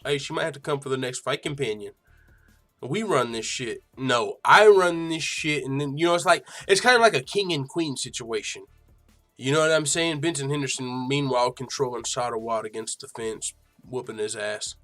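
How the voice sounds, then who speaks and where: A man's voice: medium pitch, a little fast, fairly bright tone, soft background music. A slightly tipsy man hosting a live fight reaction stream, rambling and swearing in casual, boastful talk. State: a little tipsy. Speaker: livestream host reacting to fights.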